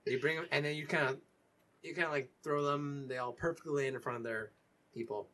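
A young man with a husky voice, narrating a tabletop role-playing game as game master in a loose, joking way. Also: a little high, steady tone, a little fast, pushed and bright.

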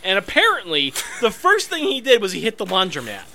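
A man with a high voice that is very bright and sharp, and his pitch swings widely as he talks. He co-hosts a podcast in playful, teasing casual chat. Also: huge pitch swings, a little fast, vocal fry. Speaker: podcast co-host.

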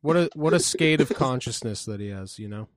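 A man hosting a casual interview, reacting with short, relaxed remarks. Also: mid-range voice, a little fast, dry recording. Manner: laid-back, short reactions. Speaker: host.

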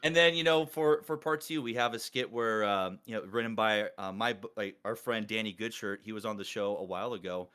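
Bright-voiced excited man on a call. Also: fairly low pitch, fairly quick, few pauses, clear, resonant tone. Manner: excited, rambling with many restarts and fillers. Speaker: podcast host and collab organizer. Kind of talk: casual group video-call chat.

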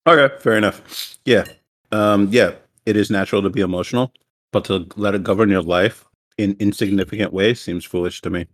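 A man with a lowish voice, chatting casually as the host of a sibling podcast. He jokes and teases often, and he is recorded at home over a voice chat call. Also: fairly quick. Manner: joking, teasing, laughs often. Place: home, separate rooms.

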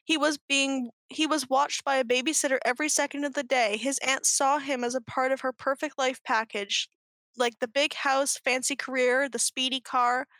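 A woman reading aloud as an earnest, worried big man who rattles off complaints. The voice is high and bright, close to the reader's own. It sounds dry and close. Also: fairly even intonation, normal speed, no room sound. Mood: concerned.

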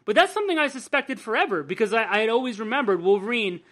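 A woman's voice: a little high, expressive, fast, a bit bright. A woman hosting a podcast in casual chat, talking loosely with restarts and the odd swear word. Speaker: podcast host.

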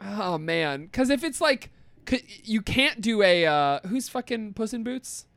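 A man trades teasing banter on a podcast, laughing often, his pitch swooping up and down. The sound is close and dry. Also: expressive, unhurried, fairly bright tone, no room sound. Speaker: podcast co-host. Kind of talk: casual chat.

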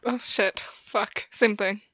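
A woman's voice: mid-range voice, fairly even intonation, takes it slowly, over a noisy crowd. A woman playing a tabletop game, hesitant and flustered, laughing often. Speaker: player. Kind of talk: casual tabletop play.

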